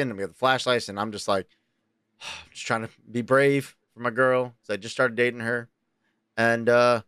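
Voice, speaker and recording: A man from New York co-hosting a podcast, telling stories in a loose, animated, profane way and jumping into high excited voices when he quotes himself. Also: no room sound, studio quality. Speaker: podcast co-host. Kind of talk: casual chat, storytelling.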